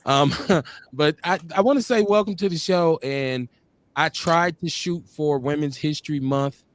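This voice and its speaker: A man's voice: fairly high pitch, unhurried, no echo. Laid-back man hosting, dry close sound. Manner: laid-back, repeats himself. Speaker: podcast host. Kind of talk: casual live-stream hosting. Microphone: video call.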